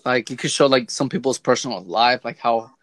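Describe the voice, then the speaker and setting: A man's voice: mid-range voice, a little fast, dry recording. An American man hosting a casual podcast, joking around and talking animatedly. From United States. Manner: joking, animated, goofy put-on voices. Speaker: podcast host.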